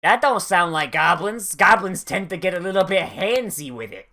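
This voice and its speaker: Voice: mid-range voice, expressive, normal speed, sharp tone. A YouTuber giving casual, sarcastic commentary while watching an anime, swearing often and trailing off mid-sentence.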